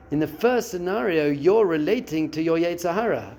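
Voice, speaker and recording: Speaking a little fast with few pauses, a man with a fairly high voice teaches a class as a rabbi. He expressively voices a listener's inner thoughts and quotes in his spiritual lesson, with a little hiss or hum present.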